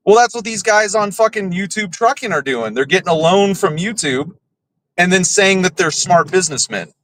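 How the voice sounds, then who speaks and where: A man's voice: high voice, lively intonation, normal speed, a bit bright, slight background noise. A man hosting a podcast, ranting heatedly and swearing often, tagging his points with "right?". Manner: heated, swears a lot, keeps asking "right?". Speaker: podcast host. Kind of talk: casual profane rant.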